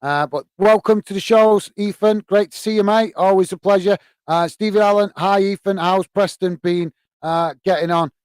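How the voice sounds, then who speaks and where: Man, relaxed live football commentary. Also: high-pitched, moderate pace, clean tone, no echo. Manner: hesitant, many fillers, friendly. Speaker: host. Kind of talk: live match commentary and chat.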